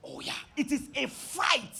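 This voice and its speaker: A man with a Nigerian accent preaching a sermon as pastor, calling out to his congregation in an animated way. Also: very high-pitched, a little slow, creaky, slight background noise.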